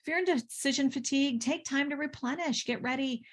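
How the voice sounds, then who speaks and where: A middle-aged woman business coach giving a casual motivational talk to camera, energetic and chatty, checking in often with "right?". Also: sits high, a little fast.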